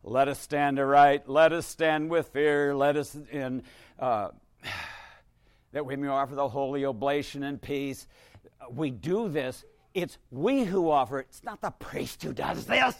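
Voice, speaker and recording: An older man, a priest, preaching a sermon in a conversational, wry manner, swinging from emphatic bursts to quiet asides. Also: a little high, lively intonation, a little slow, long pauses, no room sound, clean studio sound.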